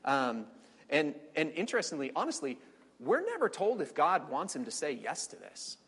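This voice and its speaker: A man teaching a conversational Bible study, chatty, with fillers and quick quoted asides. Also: on the high side, huge pitch swings, a bit bright, breathy edge. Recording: long reverberant hall.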